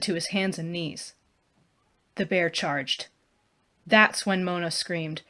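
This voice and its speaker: A woman, an author, narrating her own first-person adventure novel in a hushed, even storytelling manner. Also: fairly low pitch, slow pace, long pauses.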